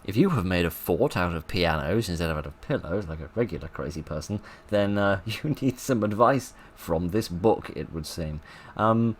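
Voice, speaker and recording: Brief: lowish-voiced man, comic read-aloud, wry and animated. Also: normal speed, hardly any pauses. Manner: wry, sarcastic asides with frequent laughter. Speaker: channel host reading an old book.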